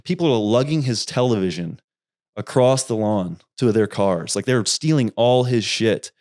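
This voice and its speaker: Young guy with a lowish voice rambling through wild stories, swears a lot. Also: moderate pace. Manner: rambling, animated, swears freely. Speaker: podcast guest, YouTuber. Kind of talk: casual storytelling.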